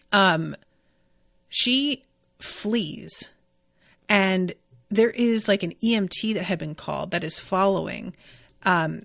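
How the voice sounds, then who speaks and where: A woman's voice: mid-range voice, fairly bright tone, no room sound, studio quality. A young woman hosting a book podcast, chatting casually, reading passages aloud and reacting with emphatic swearing. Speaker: podcast host.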